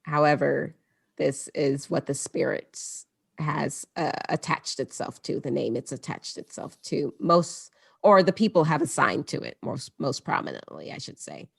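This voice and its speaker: Woman podcaster, low voice, casual storytelling, dry close sound. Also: lively intonation, unhurried, gravelly, breathy edge, no echo. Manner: conversational, mixes read passages with asides. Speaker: podcast host.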